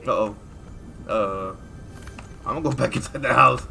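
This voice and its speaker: A man giving live commentary as he plays a video game, jumpy and excitable, full of exclamations. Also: on the low side, moderate pace, gravelly, over music. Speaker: gaming streamer.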